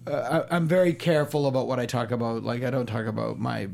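A man in his fifties, a stand-up comedian, chatting as an interview guest in a halting way with many restarts. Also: medium pitch, steady tone, creaky, darkish tone, a little hiss or hum. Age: 50s. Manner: halting, full of restarts and fillers. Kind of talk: casual interview chat.

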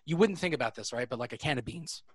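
A man's voice: medium pitch, animated, fast talker, dry recording. A man with a New York accent hosting a podcast, chatting casually in a rambling, joking way that keeps interrupting itself. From New York area. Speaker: podcast host. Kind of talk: casual chat.

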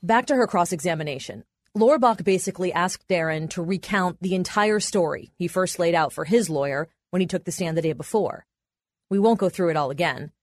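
Female host narrator, scripted and even, dry studio sound. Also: fairly low pitch, brisk, dry recording.

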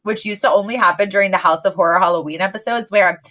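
Chatty woman recapping a sitcom. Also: a bit bright. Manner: chatty, acts out quotes with quick pitch jumps. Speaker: podcast co-host. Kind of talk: casual chat recapping a sitcom episode.

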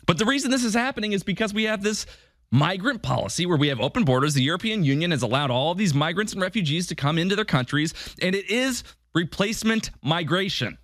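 A man's voice: sits high, animated, fast talker, fairly bright tone, no room sound, clean studio sound. Emphatic man hosting a political talk show. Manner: emphatic, repetitive rhetorical questions. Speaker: podcast host. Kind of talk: political commentary monologue.

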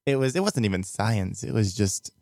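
A man playing a boastful old-time astronomer with a German accent, slow and pompous, in improv comedy. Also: fairly low pitch, a little mellow, no room sound, close to an everyday voice. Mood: smug.

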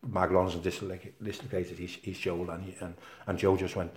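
A man in his sixties tells stories at a brisk clip, his Danish accent carrying a clear Liverpool lilt. His voice sits fairly low and he acts out other people's lines as he goes. The room behind him is echoey. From Denmark. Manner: animated, acts out quotes. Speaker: former footballer guest. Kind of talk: anecdotal interview storytelling. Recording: roomy echo.

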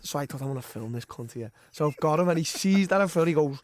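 A man's voice: fairly high pitch, fast, dry recording. A man, chatting as a podcast guest, blunt and sweary, telling stories with lots of energy. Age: 20s. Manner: swears often, blunt and animated storytelling. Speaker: guest fighter. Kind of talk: casual podcast chat.

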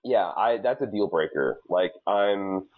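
A man's voice: sits low, a little slow, narrow, tinny audio. A man co-hosting a podcast, recapping a show in casual chat with lots of restarts and jokes. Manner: animated, stammering restarts, jokey. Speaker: podcast co-host.

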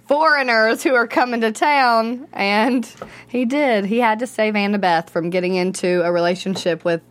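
A woman's voice: a little high, fairly even intonation, normal speed. A woman hosting a casual chat about a TV show, steering the talk with questions.

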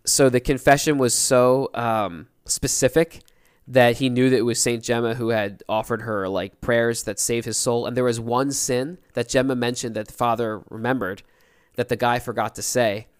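A young man co-hosting a podcast, telling a story in a relaxed, chatty way. His voice is smooth and clear at an ordinary male pitch, and he slips into little voices for the people he quotes. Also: normal speed. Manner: animated storyteller acting out quotes. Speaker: podcast co-host. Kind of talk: casual storytelling chat.

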